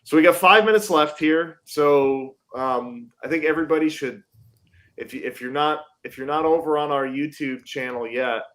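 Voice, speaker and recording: A man's voice: fairly high pitch, normal speed, fairly bright tone. A man in a band telling a rowdy tour story in a casual live-stream chat, laughing often and padding with fillers. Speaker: band member.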